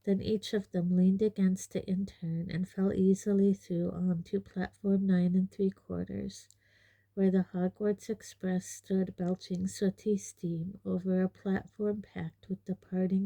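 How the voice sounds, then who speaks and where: A woman narrating an audiobook in a measured, unhurried, gentle way. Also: mid-range voice, little pitch movement, gravelly, no echo. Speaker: audiobook reader.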